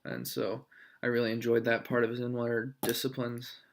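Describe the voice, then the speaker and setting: A young man, a student, recording a discussion post in a thoughtful, halting way with many fillers. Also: medium pitch, little pitch movement, vocal fry, slight background noise.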